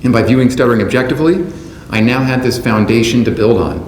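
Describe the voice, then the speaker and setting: A man speaks at an even middle pitch, delivering a prepared keynote at a careful, deliberate pace. The sound carries the roomy echo of a large conference hall. A faint hum of background noise sits underneath. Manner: measured, deliberate delivery from a script. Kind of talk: prepared speech to an audience.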